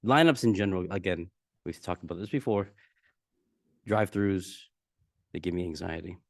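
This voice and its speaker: A man with a fairly low voice co-hosts a casual comedy podcast. He banters in a relaxed, laid-back way and chuckles often. His voice comes through dry and close to the mic. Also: moderate pace, no echo. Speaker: podcast co-host.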